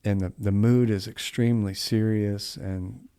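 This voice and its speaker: A middle-aged man tells a story on a podcast in a relaxed, folksy way. He rambles and restarts, and tosses in asides as he goes. His voice sits a bit low. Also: a little slow, clear, resonant tone. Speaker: podcast co-host. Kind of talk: casual storytelling chat.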